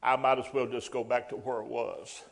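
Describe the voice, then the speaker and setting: A man preaching a sermon in a folksy way, rising to loud emphatic bursts. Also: medium pitch, level tone, moderate pace, gravelly.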